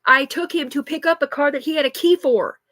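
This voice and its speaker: A woman, likely in her thirties, streams live and unscripted on her phone, ranting agitatedly with plenty of swearing. Her high-pitched, slightly bright voice moves briskly, and there is no room sound.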